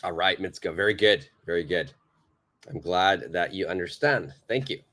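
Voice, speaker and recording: A man's voice: low-pitched, normal speed, fairly bright tone. A man teaching English in a live online lesson, explaining phrases emphatically and reading out viewer comments.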